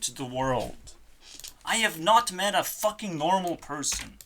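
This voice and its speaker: In this ranting vlog, a channel host at a home computer desk vents frustration with plenty of swearing, lurching from loud outbursts to quiet muttering. The mid-range voice moves unhurriedly with lively intonation.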